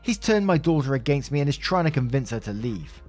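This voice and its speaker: A shrill, high-pitched entitled mother with a thick Southern accent, put on by a male story narrator. She whines and accuses by turns, hostile and full of self-pity, over faint music in a narrated story video. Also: big pitch swings, fairly quick, a little mellow, natural voice. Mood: whiny.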